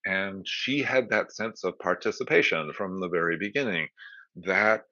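A man's voice: low voice, normal speed, sharp tone, no echo. An older man, a movement educator, explaining thoughtfully in a conversational interview with rambling asides. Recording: dull lo-fi dry remote audio.

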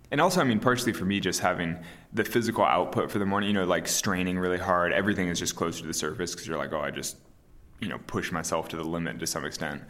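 A man in his thirties, an interview guest talking casually and calmly, with many fillers and restarts. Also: deep voice. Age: 30s. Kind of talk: casual conversation.

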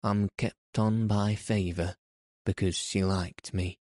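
A crabbed old Yorkshire gardener, as a man puts him on, talking blunt and dry in a deep, unhurried storybook voice. He speaks slowly and gives nothing away. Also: little pitch movement, darkish tone, no room sound. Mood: gruff. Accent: Yorkshire dialect. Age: older.

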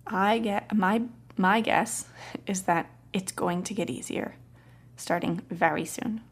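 Woman, podcast host, parenting coach, casual storytelling, soft-spoken, gentle, mid pitch. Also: fairly even intonation, a little slow.

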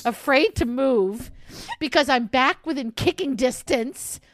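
A woman's voice: high voice, unhurried, no room sound, studio quality. A woman co-hosting a podcast, chatting casually and teasing, giggly, at a table microphone. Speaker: podcast co-host. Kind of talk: casual chat. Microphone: studio microphone at a table.

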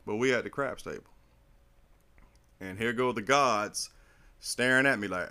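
A middle-aged man in casual chat, telling a long story in a rambling, animated and profane way. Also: medium pitch, a little slow, pauses often, clean tone.

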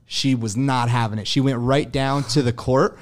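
A man's voice: mid-range voice, fairly even intonation, normal speed. A young man as an interview guest, telling his story loosely and profanely with many fillers and frequent chuckles.

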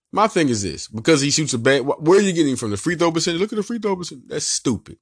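A man with a Philadelphia accent hosting a sports podcast, ranting in an animated, emphatic, slangy way and repeating his points. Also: fairly high pitch, quick pace, few pauses, no echo, clean studio sound. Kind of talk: casual sports rant.

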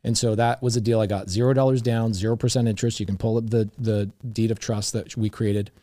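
With a fairly low pitch and a slightly fast delivery, a middle-aged investor guest recounts casual stories, acting out quoted exchanges in an animated manner. The audio is clean, studio-grade, and echo-free.

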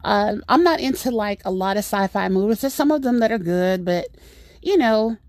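A middle-aged woman hosting a podcast, telling a story in a rambling, exasperated, animated way. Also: medium pitch, moderate pace, no room sound, clean studio sound. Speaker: podcast host. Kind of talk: casual storytelling monologue.

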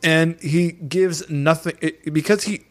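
A man's voice: fairly high pitch, steady tone. A man co-hosting a podcast, chatting casually and enthusiastically about his favourite films. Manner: enthusiastic, quick to praise films. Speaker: podcast co-host. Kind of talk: casual movie-ranking chat.

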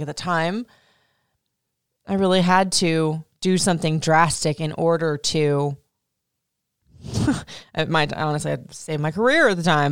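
A candid woman in her thirties hosts a podcast, talking through advice in a loose, unfiltered way with plenty of swearing and laughter. Her voice sits a little low with a gravelly fry, and the sound is close and dry. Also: no echo. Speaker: podcast host. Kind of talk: casual advice monologue.

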